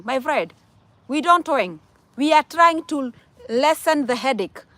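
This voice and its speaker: A woman's voice: high voice, lively intonation, normal speed, fairly bright tone, dry recording. A young woman with a Kenyan accent giving casual advice to viewers, emphatic, asking rhetorical questions and repeating words. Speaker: vlogger answering viewer questions.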